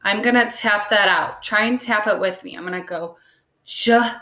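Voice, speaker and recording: A woman's voice: mid-range voice, sharp tone. A woman teaching a phonics lesson to young children, patiently sounding words out and checking in with "okay?" after each point. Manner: sounds words out slowly, tapping syllables. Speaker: second grade teacher. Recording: roomy echo.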